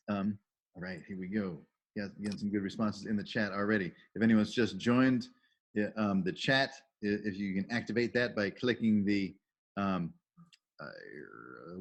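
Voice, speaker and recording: A middle-aged man hosting a video call training, casually welcoming people and cheerfully reading out chat messages with praise. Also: fairly low pitch. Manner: enthusiastic, reads out chat messages with upbeat praise. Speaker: volunteer trainer and call host.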